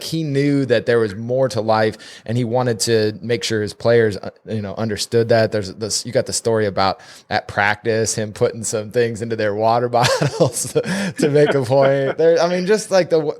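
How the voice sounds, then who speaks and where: Relaxed male co-host, low voice, easy enthusiasm. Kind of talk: casual podcast discussion.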